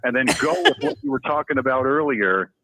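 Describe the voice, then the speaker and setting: A man's voice: mid-range voice, wildly swooping pitch, a little fast, creaky, bright, forceful tone. A man calling in to a podcast, rambling and joking with many stammered restarts. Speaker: caller. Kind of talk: phone-in chat. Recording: dull lo-fi phone line.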